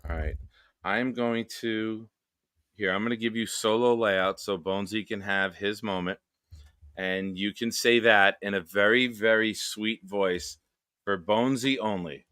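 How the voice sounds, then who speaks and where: A man hosting a casual live stream, talking over a video call. His voice sits low but sounds bright and forceful. He jokes crudely and bosses his co-host around, and the sound is dry and close. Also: steady tone, a little slow, smooth, no echo. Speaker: show host.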